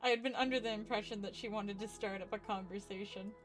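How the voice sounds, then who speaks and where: A woman's voice: mid-range voice, steady tone, fast, faint music behind. A woman streaming a horror visual novel, reading its text aloud and chatting with viewers, laughing often and swearing casually. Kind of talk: live game stream chat and reading aloud.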